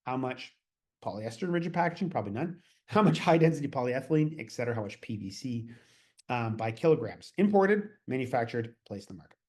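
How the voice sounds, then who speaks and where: A man's voice: medium pitch, animated, fast, a little mellow. A man from Canada presenting a webinar as a consultant, with a casual, chatty delivery full of fillers and asides.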